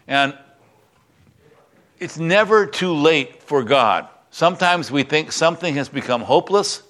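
A man's voice: on the high side, lively intonation, measured pace, a bit bright. A male pastor preaching a sermon, reading a Bible passage aloud and then explaining it in a conversational teaching manner.

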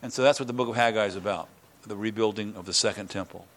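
A middle-aged man preaching a sermon in church, earnest and emphatic, repeating words and rising in pitch on key lines. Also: fast talker, a bit bright. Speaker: pastor. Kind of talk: sermon and prayer.

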